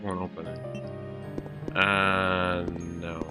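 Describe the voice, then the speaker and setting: Low-voiced and flat, a young man streams a video game at an extremely slow pace. He rambles casually through his commentary and coos baby talk at his cat between moves, game music audible behind him.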